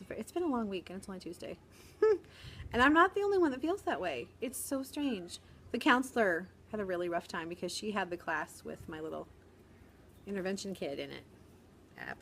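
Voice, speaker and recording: A middle-aged woman, a first grade teacher, chatting casually in a vlog from a quiet corner of her school, with a sarcastic humor and quick laughs. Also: lowish voice, a little hiss or hum.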